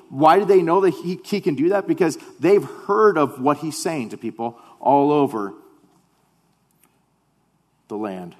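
A man preaching a sermon as pastor, animated at times and then dropping to quiet, weighty emphasis. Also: a little high, moderate pace. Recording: long hall reverb.

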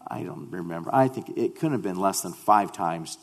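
Deep-voiced man telling a testimony. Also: big-room sound. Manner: halting, repeats words when starting sentences; earnest, animated storytelling. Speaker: speaker sharing a mission testimony. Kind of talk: personal testimony to a congregation.

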